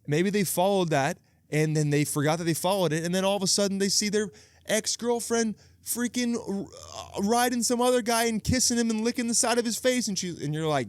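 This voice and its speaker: A man's voice: high-pitched, brisk, no room sound. A man in his thirties hosting a podcast alone, talking in a rambling, profane, comedic monologue full of restarts, recorded outdoors near water. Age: 30s. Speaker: podcast host. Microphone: video podcast camera setup.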